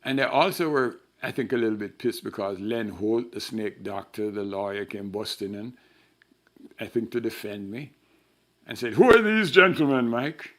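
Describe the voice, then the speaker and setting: A man's voice: on the low side, normal speed. An older man telling stories in an interview, acting out the voices of the people in his anecdotes. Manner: animated storyteller who acts out the voices in his anecdotes. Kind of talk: storytelling interview.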